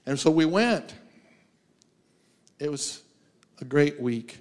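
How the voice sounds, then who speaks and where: A guest speaker preaches in a church sanctuary, his fairly high voice animated yet slow and full of pauses. He shares personal stories with frequent laughter, performing the quoted voices as he goes.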